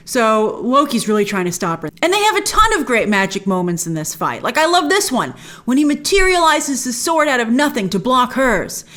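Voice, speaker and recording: A woman hosts a recap of a TV episode, gushing with enthusiasm and retelling scenes in a chatty, casual style. Her voice is a little high and fairly bright, with big swings in pitch and a normal speaking speed.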